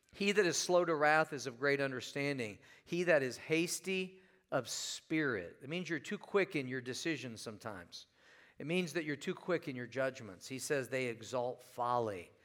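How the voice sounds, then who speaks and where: A middle-aged man delivers an animated church sermon, full of stories and questions for the congregation. His voice sits a little high, bright and ringing, and it swoops up and down a great deal. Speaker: pastor. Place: church sanctuary.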